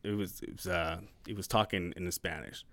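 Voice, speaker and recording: Low-voiced man telling a story in halting bursts. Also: fairly even intonation, a bit bright, dry recording. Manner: halting, full of restarts and swearing. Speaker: podcast co-host. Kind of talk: casual storytelling chat.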